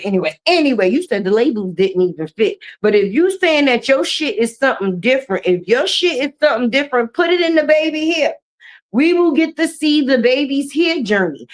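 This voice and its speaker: High-voiced woman ranting on a live stream. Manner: profane, mocking, switches into jeering put-on voices. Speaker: commentary streamer.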